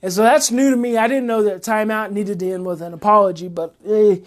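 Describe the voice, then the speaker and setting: Here a female parenting educator talks off the cuff at medium pitch, a bit on the fast side. Her delivery is animated and heated, full of repeated phrases.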